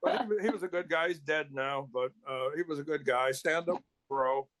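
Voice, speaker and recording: A man's voice: on the high side, moderate pace, fairly bright tone, no echo. A male actor telling rambling anecdotes in casual chat, with restarts and chuckles. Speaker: actor guest.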